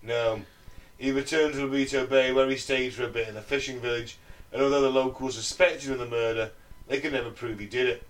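A man's voice: medium pitch, fairly even intonation, brisk, recorded from a distance, low-quality recording. Man telling a grim story. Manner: sweary, jokey, laughs mid-story. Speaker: podcast co-host. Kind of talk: casual storytelling to friends.

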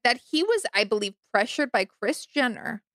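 A woman's voice: on the high side, big pitch swings, normal speed, fairly bright tone, dry recording, studio quality. A woman in casual pop-culture chat, chatty and opinionated.

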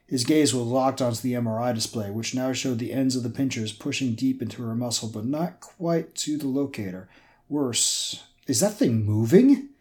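A man's voice: medium pitch, darkish tone. Male host and author, casual chat then plain narration of his own book. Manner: chatty, self-deprecating. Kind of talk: casual intro, then reading own novel.

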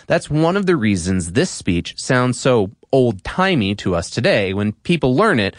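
Man podcast host, wry explainer read, very lively pitch, dry studio sound. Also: no echo. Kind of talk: scripted explainer narration.

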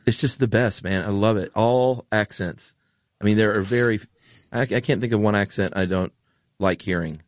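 A man's voice: lowish voice, normal speed, dry recording. A man co-hosting a podcast in casual chat, enthusiastic and rambling. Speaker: podcast co-host.

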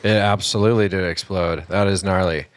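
A man co-hosting a podcast who asks questions and reacts with quick interjections. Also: low-pitched, fairly even intonation, clean tone, dry recording. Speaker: podcast co-host. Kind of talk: casual chat.

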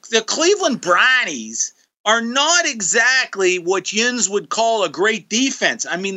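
Male host doing a loud, know-it-all Pittsburgh yinzer character on a betting show; piercing, high-set tone. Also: exaggerated voice. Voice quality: exaggerated regional drawl with a growl on some words. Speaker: sports betting analyst.

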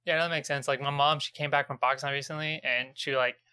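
A man hosts a podcast in fast, casual talk. His voice is bright and crisp, and the sound is dry and close. He fills his sentences with "like". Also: mid-range voice, steady tone, no room sound. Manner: casual, many "like" fillers. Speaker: podcast host.

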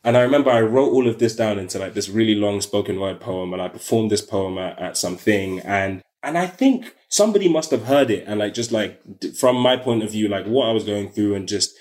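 A man's voice: fairly low pitch, animated, fairly quick, hardly any pauses, a little mellow. A young man with a South London accent, a podcast guest telling a story in casual chat, full of fillers and slang.

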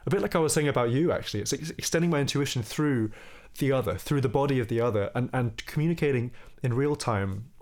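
A young man, a musician guest, telling a story in relaxed conversation and singing short bits of melody as he goes. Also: medium pitch, fast, few pauses. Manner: animated, sings snippets of melody while telling the story.

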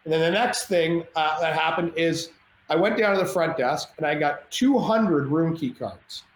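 A man telling a wild party story as a podcast guest, animated and profane, often restarting his sentences, at home. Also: a little high, normal speed. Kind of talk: casual storytelling. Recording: echoey room with faint background noise.

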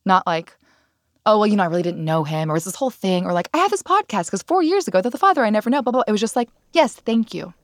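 A woman hosting a podcast, telling a personal story in a candid, animated way and laughing now and then. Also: mid-range voice, fast, no echo, clean studio sound. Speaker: podcast host. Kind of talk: casual storytelling chat.

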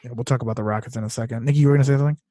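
A man's voice: mid-range voice, fairly even intonation, racing, warm tone, dry recording, studio quality. A man co-hosting a sports podcast in casual chat, rambling with lots of fillers and restarts. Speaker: podcast co-host.

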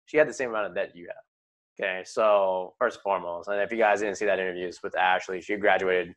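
Lowish voiced guy hosting a podcast, upbeat, explains stuff, lots of um and like. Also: fairly even intonation, fairly quick, fairly bright tone. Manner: upbeat, explanatory, many fillers. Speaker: podcast host, loan advisor. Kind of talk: casual podcast interview.

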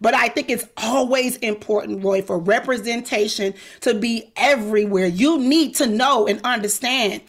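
A middle-aged woman with a slightly high voice speaks candidly and emphatically as a podcast host or guest in an interview. Outspoken and animated, she drops into quick quoted voices to press her point.

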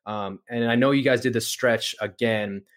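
A man hosting a sports podcast, asking questions in a relaxed, loose way. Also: mid-range voice, normal speed. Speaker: podcast host. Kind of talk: casual podcast interview.

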